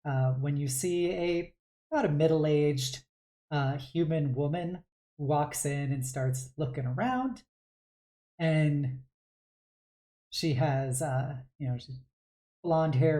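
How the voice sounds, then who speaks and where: Slow, low-voiced woman game master. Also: warm tone. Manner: hesitant, full of fillers. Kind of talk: narrating a tabletop game.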